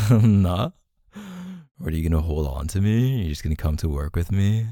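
Man, boyfriend role-play, affectionate teasing, dark mellow tone, gravelly fry. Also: deep voice, no echo, studio quality. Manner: teasing, affectionate, laughing often.

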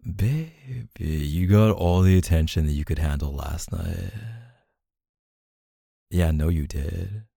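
A man's voice: low-pitched, slow pace, gravelly, mellow, dry recording, studio quality. A man doing an audio role-play as a boyfriend, teasing and affectionate and laughing often.

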